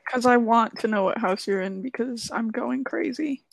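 A woman's voice: on the high side, normal speed, vocal fry, no room sound, poor audio. A teenage girl in casual chat, teasing her friend with dry humor. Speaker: student.

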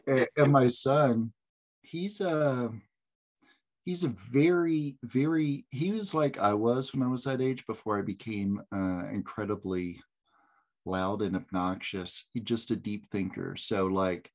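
A man's voice: medium pitch, unhurried. A man in a casual chat, joking and playfully acting out what his family says. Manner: jokey, playful, acts out voices.

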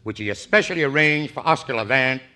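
A man's voice: mid-range voice, pushed and bright. A man hosting a 1940s radio comedy show, bantering in a joking, boastful manner. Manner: joking, boastful, quick comic delivery. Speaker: host and singer. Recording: 1940s radio broadcast recording.

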